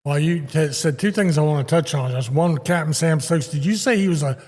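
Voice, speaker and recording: A man's voice: a little high, fairly quick, darkish tone. A man hosting a live fishing show, a former captain telling stories in casual chat. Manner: conversational, storytelling. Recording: long reverb of a large live venue.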